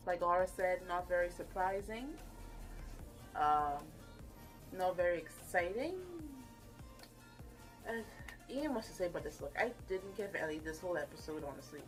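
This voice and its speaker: A woman casually reviewing a TV episode on her channel, animated and gushing, with playful asides. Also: lowish voice. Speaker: YouTube reviewer.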